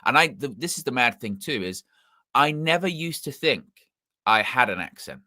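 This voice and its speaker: Hosting a live football fan stream, a man with a mixed English accent talks casually at a moderate pace, his mid-range voice animated, bright and forceful. He wanders and repeats phrases as he corrects himself, in clean, echo-free studio audio.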